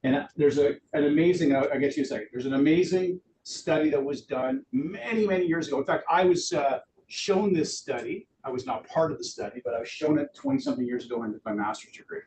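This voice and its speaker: A middle-aged man giving a lively live training talk to realtors in an office, acting out quotes in voices. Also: a little high, fast talker. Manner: animated, acts out quotes in voices. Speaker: real estate trainer. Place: office meeting room. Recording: distant room mic with background noise.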